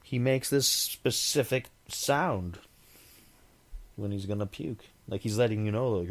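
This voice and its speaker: A man's voice: fairly low pitch, unhurried. A man hosting a podcast in a casual, rambling monologue, chatty and self-deprecating, who now and then imitates animal sounds. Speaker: podcast host.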